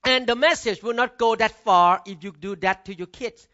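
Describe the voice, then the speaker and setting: A man's voice: high-pitched, normal speed, pushed and bright. A middle-aged male pastor, preaching emphatically and punctuating points with "Amen.". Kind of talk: sermon. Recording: dull lo-fi recording.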